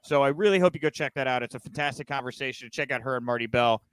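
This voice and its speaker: A man's voice: medium pitch, very fast, fairly bright tone, clear, resonant tone, no echo. A man hosting a wrestling news podcast, chatting casually and giggling at his own rambling jokes. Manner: giggly, rambling, self-mocking. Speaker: podcast host.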